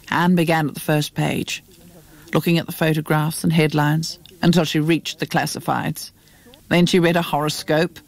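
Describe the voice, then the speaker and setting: A woman narrating a novel in a measured, expressive reading. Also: low-pitched, creaky. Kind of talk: audiobook narration.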